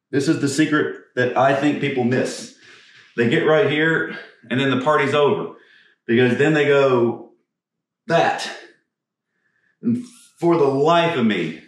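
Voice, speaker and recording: Man, golf instructor, blunt casual talk, short of breath, very echoey, mic far away. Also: medium pitch. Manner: casual, blunt, swears, demonstrating while talking. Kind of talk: on-camera swing demonstration. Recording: echoey, from a distance.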